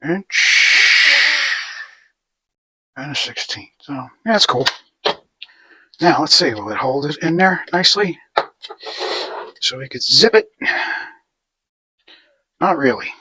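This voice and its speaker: Slow, husky-voiced man in his garage. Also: on the high side, very animated, bright, forceful tone, no echo. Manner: rambling, self-deprecating. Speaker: DIY video host. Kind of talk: casual how-to narration while working. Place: home garage workshop.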